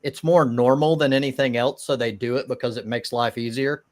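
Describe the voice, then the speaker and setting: A man in a casual online debate, speaking at an ordinary middle pitch. He stumbles and restarts often, but keeps pressing his point with steady conviction. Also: brisk. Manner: hesitant, many restarts and fillers, laughs at the idea of souls. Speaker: atheist guest in a live-stream debate.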